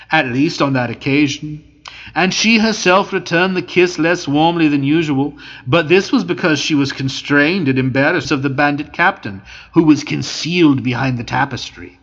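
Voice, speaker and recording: A man's voice: a little high, fairly bright tone. A man narrating an old novel aloud in a stately, declamatory manner. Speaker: audiobook narrator. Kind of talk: scripted narration of a Victorian novel. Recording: muffled lo-fi home recording.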